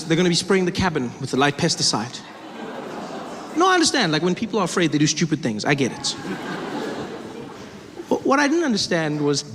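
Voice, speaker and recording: A man with a South African accent doing a stand-up routine on a theater stage, animated and quick to act out other voices. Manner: animated, acts out voices with big pitch jumps. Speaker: stand-up comedian. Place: theater stage before a live audience. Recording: large hall reverb, audience noise.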